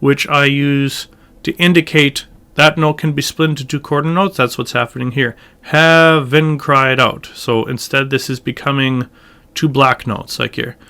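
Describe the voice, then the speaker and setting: Smooth-voiced man teaching chant. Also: mid-range voice, moderate pace. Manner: relaxed, thinks aloud with fillers, breaks into sung chant phrases. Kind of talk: casual tutorial explaining and singing chant.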